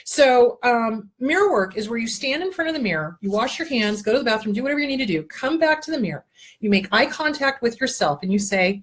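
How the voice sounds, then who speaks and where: A woman's voice: a little high, a little fast, slightly rough. A woman therapist and show host giving casual self-help advice, blunt and profane, coaching the listener step by step through exercises. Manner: blunt, earthy and profane, with lively asides.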